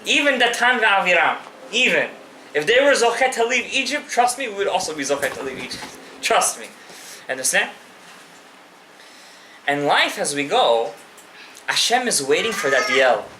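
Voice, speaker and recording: A man's voice: sits high, sing-song, moderate pace, long pauses, reverberant, noisy background. A male rabbi giving a live Torah class, passionately addressing his listeners directly and mixing in Hebrew terms.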